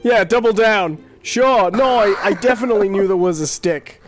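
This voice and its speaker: A man co-hosting a podcast in casual chat, teasing with quick jokes. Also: high voice. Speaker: podcast co-host.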